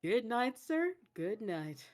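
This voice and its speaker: A woman's voice: a little high, sing-song, takes it slowly, slight background noise, voice pushed up. A woman voicing a flirtatious, swaggering male noble who teases with a suggestive drawl, in a tabletop game. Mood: flirty, smug.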